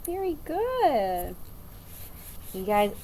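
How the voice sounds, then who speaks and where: Upbeat, lively teacher woman. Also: a little high, a little hiss or hum. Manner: upbeat, encouraging, slow and sing-song. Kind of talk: children's phonics lesson.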